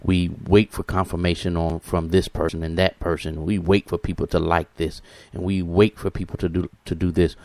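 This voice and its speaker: A man hosting a motivational talk, reflective and often pausing to search for his words. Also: low-pitched, little pitch movement, darkish tone, no echo. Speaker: podcast host.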